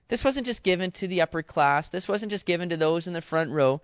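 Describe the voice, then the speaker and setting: A man's voice: high-pitched, animated, brisk, hardly any pauses, clean tone, dry recording. A man preaching a sermon in an earnest, exhorting way, talking straight to his listeners. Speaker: pastor. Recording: dull dry sound.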